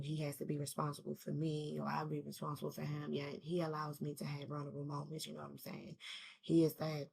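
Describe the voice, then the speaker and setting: A woman's voice: low voice, vocal fry, fairly bright tone, slightly rough. A woman rambling through a casual, slangy story in a personal video, grieving and emotional, the mother of a teenage son. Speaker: vlogger.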